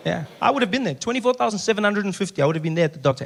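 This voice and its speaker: A young man with a South African accent works a crowd, telling animated stories and acting out the people in them. His voice sits high for a man. The live mic picks up a clear, steady layer of noise. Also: rapid-fire, few pauses. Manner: animated storytelling with acted-out voices. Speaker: stand-up comedian. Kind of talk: stand-up comedy. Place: comedy stage before an audience.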